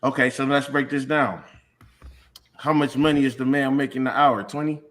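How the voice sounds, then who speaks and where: A man's voice: mid-range voice, fairly even intonation, normal speed, fairly bright tone. Profane man arguing his point. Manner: profane, emphatic, argues in long build-ups. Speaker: podcast co-host. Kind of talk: heated casual debate.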